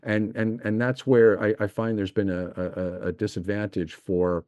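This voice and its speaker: Lower-voiced man, eager and explanatory. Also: little pitch movement, moderate pace, a little mellow, dry recording. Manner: eager, explanatory, piles up examples. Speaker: investment executive, podcast guest. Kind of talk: podcast interview.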